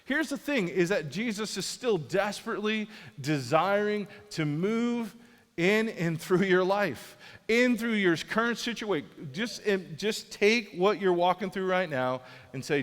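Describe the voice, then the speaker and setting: Male pastor, earnest and conversational, trips over his restarts, voice sits high, long church-hall reverb. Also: expressive, a little slow. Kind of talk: sermon. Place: large church auditorium.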